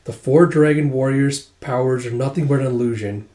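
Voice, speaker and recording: A man reading aloud as a stern, proud general who lectures gravely. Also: medium pitch, normal speed, warm tone, a little hiss or hum, close to an everyday voice. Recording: roomy echo.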